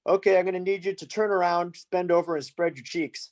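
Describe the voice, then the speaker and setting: A man's voice: high-pitched, fairly even intonation, a little fast, darkish tone, voice pushed up, lightly acted. A man putting on a creepy male border officer with a French accent, giving stiff, officious commands. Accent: French-accented English, put on.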